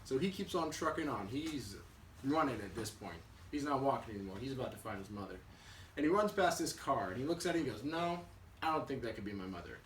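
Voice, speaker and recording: A young man casually telling a children's story for a class, relaxed and chatty, with fillers and restarts. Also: medium pitch. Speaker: student. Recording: echoey room, mic at a distance, faint hiss.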